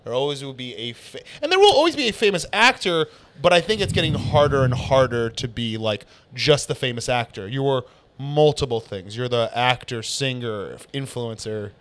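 Animated man telling stories. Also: mid-range voice, moderate pace, a little hiss or hum. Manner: animated storyteller, swears a lot. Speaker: comedian guest. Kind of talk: casual podcast chat.

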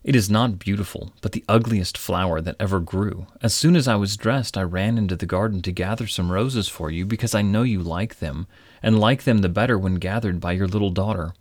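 A man voicing a sobbing little girl princess, gentle and sweet, speaking in a tearful, pleading way in a storybook reading. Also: deep voice, very animated, moderate pace, hardly any pauses, dry recording, clean studio sound, full character voice.

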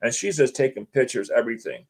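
A man's voice: mid-range voice, fast, creaky, husky. A man telling a story in casual talk, acting out what others said. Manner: animated, acts out quotes of others. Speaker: homeowner telling his story.

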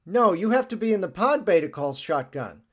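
Brief: man voicing a fussy young pilot, indignant and pedantic, higher voice. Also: very animated, brisk.

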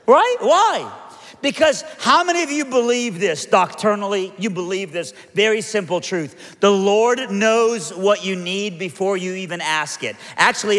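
A man delivers a sermon, leaning on storytelling and playful asides as he acts out the voices in his story. His voice sits a little high for a man. Long reverb from a large church auditorium trails after his words. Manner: animated, acts out quotes, joking asides. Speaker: preacher.

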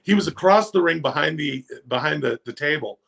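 A man casually telling rambling, profane, animated anecdotes as a podcast guest. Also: on the high side, a little fast, gravelly, husky. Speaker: guest storyteller.

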